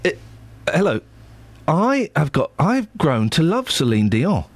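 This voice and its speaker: A man's voice: on the high side, sing-song, measured pace. A man hosting a live radio show, chatting casually with a co-host, self-mocking and rambling with lots of ums. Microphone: studio microphone.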